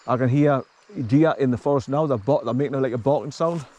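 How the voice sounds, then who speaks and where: A man vlogging outdoors in a forest, with the camera on his chest harness, explaining things in a halting, rambling way and coaxing his dog along. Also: medium pitch, a little mellow. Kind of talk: casual walking vlog.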